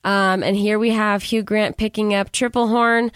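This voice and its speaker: A woman's voice: mid-range voice, level tone, normal speed, smooth, no room sound, clean studio sound. A woman recapping a movie in casual chat, retelling scenes and quoting the characters as she goes. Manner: chatty, retells scenes with quoted voices. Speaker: podcast co-host.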